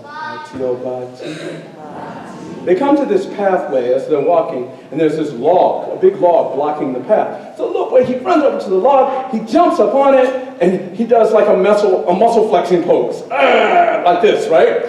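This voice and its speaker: A man storyteller telling a tale live to an audience in a school auditorium, animated and playful, drawing the crowd in with call and response. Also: sits high, normal speed, few pauses. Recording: very echoey hall from far off.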